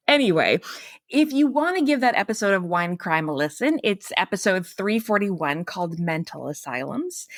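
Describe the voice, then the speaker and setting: A woman's voice: medium pitch, no room sound, studio quality. A woman hosting a podcast, reading scripted narration in a chatty, self-deprecating way with laughing asides. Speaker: podcast host.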